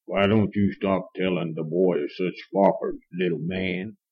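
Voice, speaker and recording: A burly farmer sneers and taunts, played by a male narrator. His voice drops low with heavy gravel and a husky edge, in a dull recording. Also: sing-song, a little slow, exaggerated voice. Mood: mocking. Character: big burly farmer man, mocking bully.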